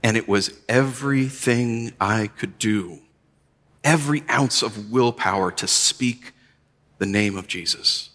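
A man preaching a sermon as pastor, telling stories and rising to animated emphasis. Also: lowish voice, slow, long reverb tail.

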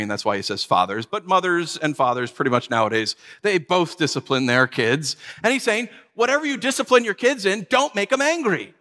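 Joking pastor with a bright voice. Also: male voice, mid-range voice. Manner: conversational, joking, acts out little stories. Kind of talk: sermon. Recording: long hall reverb.

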